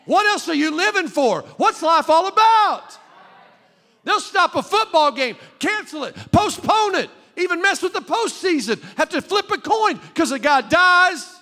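A male pastor preaching a fervent sermon in a church, at times rising to shouts. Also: extremely high pitch, sing-song, measured pace. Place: church sanctuary. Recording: long hall reverb.

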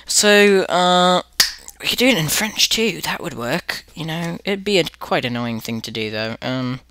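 A man's voice: a little high, lively intonation, a little slow, bright, forceful tone, no echo. A man hosting casual gameplay commentary, rambling with lots of fillers while putting on an accent. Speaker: gaming channel host.

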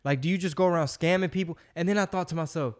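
A man's voice: fairly high pitch, very fast, darkish tone. Slangy podcast host in his forties. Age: 40s. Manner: loose storytelling, slangy, swears freely. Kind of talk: casual podcast chat.

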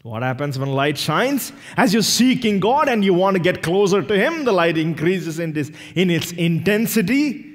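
A man from India, a pastor preaching a sermon, animated and acting out little dialogues with self-deprecating humor. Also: high-pitched, normal speed. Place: church sanctuary. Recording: reverberant church hall.

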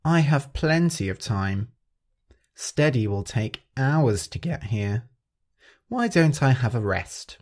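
A man voicing a boastful, fast young male rabbit in a storybook, talking cocky and impatient. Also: medium pitch, expressive, darkish tone. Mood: lazy.

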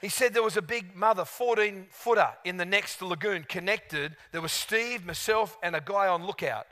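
Male preacher, animated storyteller, bright, ringing, high-pitched voice. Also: normal speed. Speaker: guest preacher. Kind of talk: sermon with storytelling.

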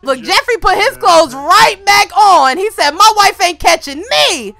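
A woman giving casual, joking gameplay commentary, animated and laughing often. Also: extremely high pitch, unhurried. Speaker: gaming YouTuber.

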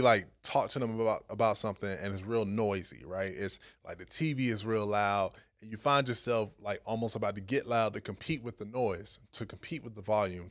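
A man's voice: lowish voice, dry recording, studio quality. A young adult man preaching a casual, conversational sermon to a young adult ministry. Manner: animated, conversational, with casual fillers.

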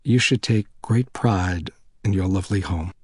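A man doing a soft-spoken, stately rabbi. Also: sits low, slightly rough, no echo, clean studio sound. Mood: gracious, measured. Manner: soft, measured, deliberate speech. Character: tall, severe, gracious older male rabbi.

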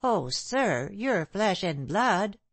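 A woman voicing a humble, timid working-class widow who pleads and apologizes, raised a little above her own lower voice. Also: big pitch swings, slow pace, no room sound. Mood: timid pleading. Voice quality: ungrammatical, pleading speech.

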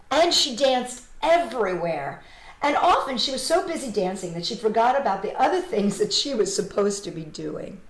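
A children's entertainer reads a picture book aloud, her voice bright-pitched and swooping all over as she tells the story. She stops to chat with the young listeners about the pictures, and the room gives her voice a clear echo. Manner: animated storyteller, chats to kids. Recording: roomy echo.

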